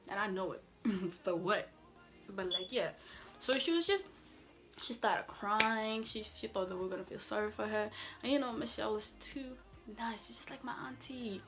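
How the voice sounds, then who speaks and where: A woman's voice: mid-range voice, normal speed, a bit bright, soft background music. A young woman telling a story on her vlog in a casual, emphatic, sassy way, filling her talk with "like" and firm "mm-mm"s. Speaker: vlogger.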